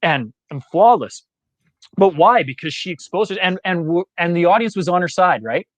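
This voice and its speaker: A man telling stories as a podcast guest, acting out the people in them with lively voices. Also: high voice, normal speed, no echo. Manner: animated storyteller who acts out quoted voices. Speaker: guest speaker and actor. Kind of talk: storytelling in a podcast interview.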